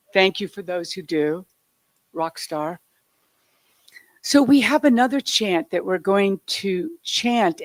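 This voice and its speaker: A woman speaker giving a meditative sermon, soft and reflective, with light joking asides. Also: fairly low pitch, no room sound. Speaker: spiritual speaker.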